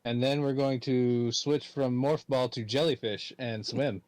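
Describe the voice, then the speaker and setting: A man's voice: medium pitch, fairly even intonation, unhurried, a little mellow. Playful man playing a tabletop game. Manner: playful, asks rules questions, counts movement aloud. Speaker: player. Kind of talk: tabletop game play over a call.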